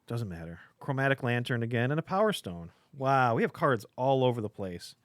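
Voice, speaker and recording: Male shop host, mid pitch, rambling jokey chat, dry close sound. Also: sing-song, brisk, no echo. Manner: rambling, joking, many filler sounds. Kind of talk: casual live-stream chat opening cards. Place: comic shop.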